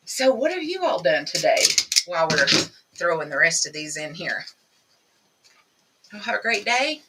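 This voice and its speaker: A woman's voice: lowish voice, sing-song, moderate pace, long pauses, far from the mic, background noise. A woman hosting a live crafting demonstration, chatting with viewers as she works. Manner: chatty, talks to viewers while working. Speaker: craft tutorial host.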